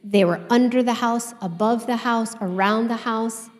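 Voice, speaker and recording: A woman giving a conference talk on stage, telling a personal story in a candid, animated way with casual swearing. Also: on the high side, moderate pace, in a large hall. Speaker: conference speaker.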